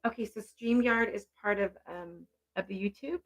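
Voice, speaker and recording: A middle-aged woman working as a medium on a live stream, chatting warmly with many fillers and restarts. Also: mid-range voice, moderate pace. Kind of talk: live-stream reading and chat.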